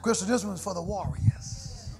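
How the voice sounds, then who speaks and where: A middle-aged pastor, preaching a sermon live in a church with dynamic swings from soft prayerful murmurs to loud shouted lines. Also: male voice, high-pitched, moderate pace. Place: church sanctuary. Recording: live church livestream with organ music behind. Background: musical instruments.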